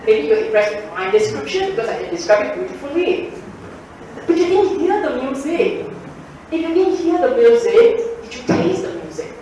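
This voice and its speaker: A woman's voice: sits high, sing-song, moderate pace, dark tone, a little hiss or hum. A woman giving a public Dhamma talk, repeating her points emphatically in colloquial phrasing. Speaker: Buddhist Dhamma speaker. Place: lecture hall. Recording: echoey hall recorded from far off.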